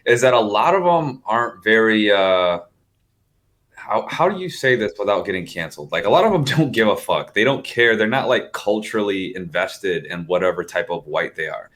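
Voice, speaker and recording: Low-voiced American man, lively chat. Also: normal speed. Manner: easygoing, swears, laughs often. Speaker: podcast guest. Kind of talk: casual podcast chat.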